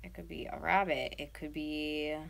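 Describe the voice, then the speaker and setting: Sculpting on camera, a twenty-something North American YouTuber rambles casually to viewers, sometimes lapsing into whispers. She speaks at a normal speed in a low voice with fairly even intonation and vocal fry.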